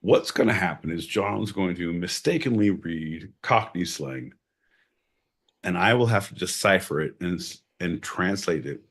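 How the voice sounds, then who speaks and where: A man's voice: deep voice, expressive, a little slow, a bit bright, husky. A man co-hosting a podcast, bantering sardonically with mock-grand announcements and frequent swearing. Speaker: podcast co-host. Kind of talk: casual comedic banter.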